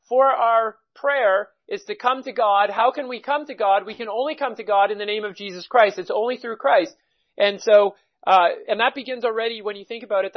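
A man preaching a sermon, teaching at a measured pace and reading scripture passages aloud. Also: high voice, muffled recording.

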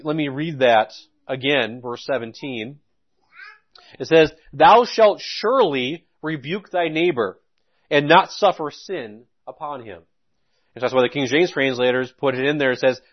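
A man preaching a sermon, reading scripture slowly and then explaining it in a conversational teaching tone. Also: fairly high pitch, lo-fi sound.

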